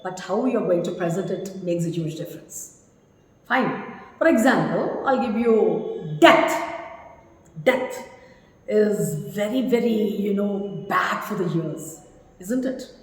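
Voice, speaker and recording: A woman's voice: mid-range voice, a little mellow. A woman in her fifties from India, teaching a spoken English lesson with emphatic, instructive delivery and repeated key words. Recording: echoey room with long reverb.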